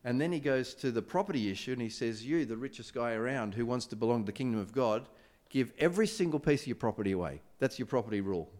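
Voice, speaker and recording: A man's voice: medium pitch, animated, fast, darkish tone. A man preaching a sermon in a loose, conversational way, retelling scenes with animation and frequent fillers and restarts.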